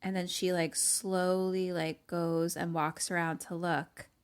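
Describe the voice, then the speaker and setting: A woman's voice: slow, clean tone. A young woman co-hosting a casual podcast, retelling a film scene by scene and acting out the characters' lines, with many fillers. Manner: animated storytelling, acts out lines in a higher voice, many "like" fillers. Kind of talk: casual chat.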